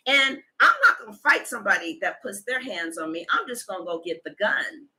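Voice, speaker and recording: A woman's voice: medium pitch, expressive, a little fast, hardly any pauses, pushed and bright, low-quality recording. A woman tarot reader talking in a casual, heated monologue, emphatic and full of profanity.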